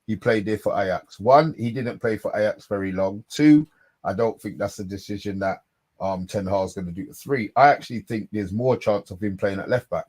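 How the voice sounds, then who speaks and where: A man co-hosting a live fan stream, excitable and slangy, often repeating himself. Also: on the low side, normal speed. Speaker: podcast co-host.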